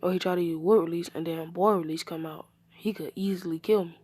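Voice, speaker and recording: A woman's voice: lowish voice, fairly even intonation, a little fast, dark tone, breathy edge, no echo. A woman voicing a dutiful male ninja officer who is polite and wary and often drops his voice.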